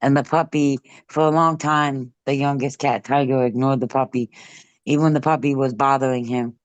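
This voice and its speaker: A man's voice: medium pitch, steady tone, moderate pace, clean tone, dry recording, highs cut off. Man, medium voice, amused casual storytelling, dry close sound. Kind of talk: casual chat.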